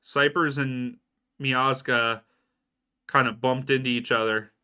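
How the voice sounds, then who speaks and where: A man's voice: mid-range voice, steady tone, takes it slowly, pushed and bright, clean tone. A young adult man doing casual live match commentary for a watchalong stream, reacting to plays and answering viewers by name. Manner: casual, reacts to plays and reads out chat names.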